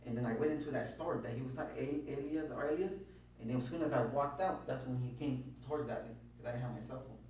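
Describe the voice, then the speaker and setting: A man's voice: medium pitch, fast, darkish tone. A frightened man being questioned by police, stammering, repeating himself and cursing heavily as he rambles through his account. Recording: echoey room, distant mic, faint hum.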